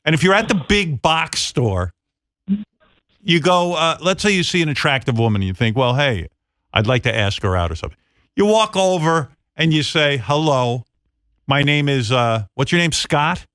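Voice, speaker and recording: Blunt, animated male radio host. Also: on the high side, normal speed, no echo, clean studio sound. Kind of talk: talk radio banter and live ad read.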